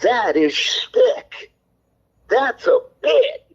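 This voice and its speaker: Brash profane stream co-host, husky voice. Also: male voice, extremely high pitch, huge pitch swings, extremely slow, lo-fi sound. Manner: brash, defensive, blunt and profane. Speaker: co-host of a call-in stream show. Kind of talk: heated on-air rant.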